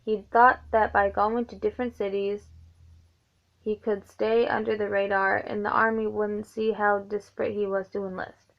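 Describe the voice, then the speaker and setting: A woman's voice: mid-range voice, flat delivery, normal speed, gravelly, highs cut off. A woman reading a novelization aloud, often stumbling and correcting herself. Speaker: reader of a book.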